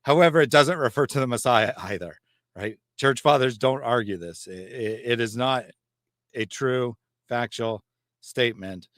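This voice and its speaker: A man's voice: medium pitch, moderate pace, no room sound. Guy hosting a stream, reads chat out, talks it through casually, dry close mic. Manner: conversational, reading chat comments aloud, thinking out loud with fillers. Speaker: channel host. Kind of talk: livestream discussion.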